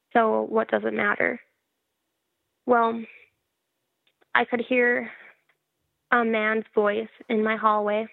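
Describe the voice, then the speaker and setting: A woman tells her own story in a frank, wry way, often laughing at herself. Her voice sits a little high with a gravelly fry and little pitch movement. The sound is dry and thin, like a phone line. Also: no room sound. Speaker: guest telling her birth story. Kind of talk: casual storytelling interview.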